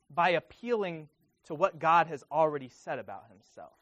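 A man's voice: a little high, lively intonation, moderate pace, fairly bright tone, dry recording. A man preaching a sermon to his congregation, reading scripture aloud in an earnest manner. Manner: earnest, reads scripture aloud with rising emphasis.

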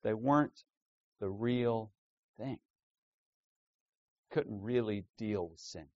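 A man's voice: slow, highs cut off. Man preaching an emphatic Bible sermon. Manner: emphatic teaching, swinging between loud stresses and low asides. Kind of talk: expository sermon.

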